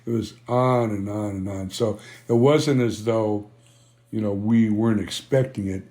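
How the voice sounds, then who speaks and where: An older band founder, appearing as an interview guest, tells stories in a lowish, dark-toned voice at a slightly slow pace. He rambles, leans on "you know," and acts out old conversations.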